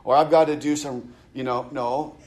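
A man's voice: medium pitch, steady tone, moderate pace, a little mellow. A male pastor preaching a sermon in a conversational way, with frequent restarts, who reads scripture aloud with rising emphasis. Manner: conversational preaching, many restarts and stammered repeats.

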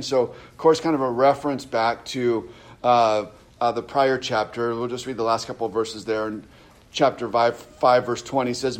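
A man teaches through a Bible passage as a pastor. His voice sits at an ordinary middle pitch, and he talks in a loose, conversational way, checking in with "right?" and circling back on his words. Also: normal speed. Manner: conversational, with frequent "right?" tags and restarts.

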